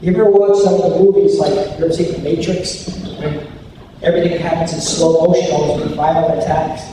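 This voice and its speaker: A man's voice: fairly high pitch, fairly even intonation, brisk, noisy background. A man giving an anti-bullying talk at a school assembly, telling a personal story and acting out the quotes. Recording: echoey hall recorded from far off.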